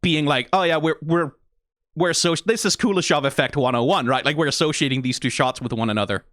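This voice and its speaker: A man streaming a casual reaction, analyzing scenes closely, swearing freely and getting emotional and excitable. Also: fairly high pitch, quick pace, no echo, clean studio sound. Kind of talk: casual video commentary.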